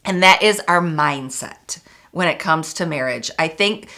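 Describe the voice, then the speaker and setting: A woman co-hosting a podcast with her husband, telling stories in an animated, rambling way. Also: low-pitched, a little slow. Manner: animated, rambling storytelling with laughs. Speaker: podcast co-host. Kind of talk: casual chat with spouse.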